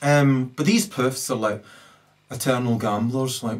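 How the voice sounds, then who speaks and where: A man's voice: mid-range voice, measured pace. A man ranting alone to camera, who keeps tagging "right?" onto his sentences. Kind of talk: rambling solo rant to camera. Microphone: camera mic.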